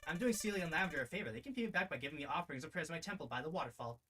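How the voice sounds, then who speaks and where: Brief: imperious old fire goddess, man putting her on, grandiose and scolding, quick bright delivery. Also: on the high side, animated, faint music behind. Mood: haughty. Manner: grandiose, scolding, formal speech.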